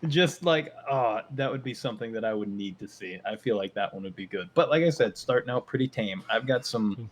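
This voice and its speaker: A man's voice: fairly low pitch, fairly quick. A man co-hosting a casual podcast, joking around and slipping into silly quoted voices. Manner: jokey, breaks into goofy quoted voices. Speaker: podcast co-host. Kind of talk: casual chat.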